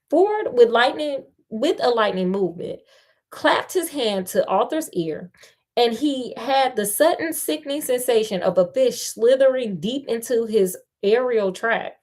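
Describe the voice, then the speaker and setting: A woman's voice: on the high side, unhurried. A woman reading a novel aloud, breaking off now and then for slangy asides to her listeners. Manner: breaks off to talk back to the story with slangy commentary; lively, expressive delivery, stumbles and restarts. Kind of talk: casual read-aloud with chatty asides.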